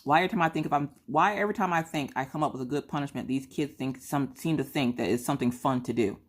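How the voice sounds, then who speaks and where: A middle-aged woman rambling casually on her vlog, chatty and animated, acting out what she and her kids said. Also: a bass voice, quick pace. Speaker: vlogger.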